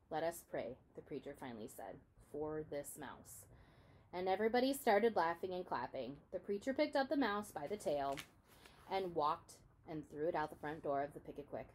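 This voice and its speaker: A woman reading a children's novel aloud in an expressive storytelling manner. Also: fairly low pitch. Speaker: reader.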